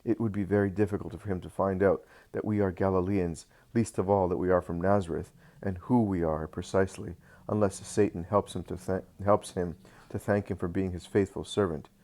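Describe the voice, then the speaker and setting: A man's voice: sits low, fairly even intonation, fairly quick, a little mellow. A man reading the part of a devoted husband who firmly comforts his wife in a spoken storybook. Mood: reassuring. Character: devoted husband, steady and reassuring.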